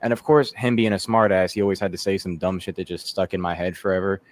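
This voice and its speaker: A man's voice: deep voice, fairly even intonation, quick pace. A man performing a stand-up comedy set, loose and profane, with lots of fillers. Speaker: comedian contestant.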